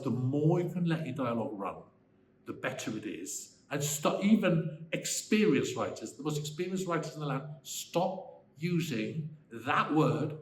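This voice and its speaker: A Welsh man in his sixties, a screenwriter answering interview questions in an animated, emphatic way that turns into bursts of ranting. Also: medium pitch. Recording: roomy echo, faint background noise.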